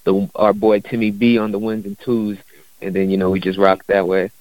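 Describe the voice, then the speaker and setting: A man's voice: on the low side, little pitch movement, normal speed, a little mellow, no echo, low-quality recording. A man guesting on an interview as a musician, talking in a laid-back, casual way with loose slang and lots of fillers.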